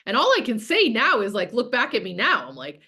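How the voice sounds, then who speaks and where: Teaching a live online masterclass, this woman business coach talks candidly and casually, swears freely, and reads out viewers' comments as she goes, with plenty of fillers like "like." Her voice is a little high with wildly swooping pitch, fairly quick, sharp in tone, and edged with breathiness.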